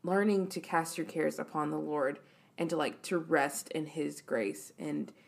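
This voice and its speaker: Young woman co-host, earnest and affirming, lowish voice with gravelly fry. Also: unhurried. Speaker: podcast co-host. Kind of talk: casual faith-based chat.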